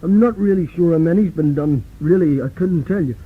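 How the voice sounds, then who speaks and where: A man's voice: on the high side, fairly quick, a little hiss or hum, close to an everyday voice. A man playing a weary male celebrity guest who rambles crudely. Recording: phone-like lo-fi tape.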